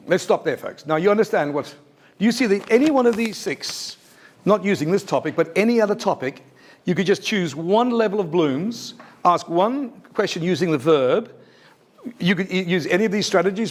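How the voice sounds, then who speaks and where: A man leading a workshop for student teachers in a lecture room, lively and emphatic, often asking the audience questions. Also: a little high. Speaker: teacher trainer. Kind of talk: workshop presentation.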